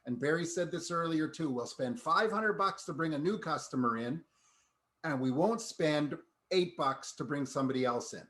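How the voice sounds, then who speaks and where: A man hosting a podcast, reflecting in a relaxed conversational way. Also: on the high side, normal speed. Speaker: podcast host. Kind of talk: casual podcast talk.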